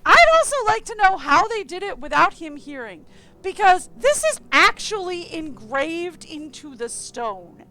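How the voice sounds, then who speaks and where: A woman from the eastern US, streaming a game and chatting in a lively, animated way, with quick asides as she reads aloud. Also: very high-pitched. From eastern United States. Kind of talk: casual game commentary and reading aloud.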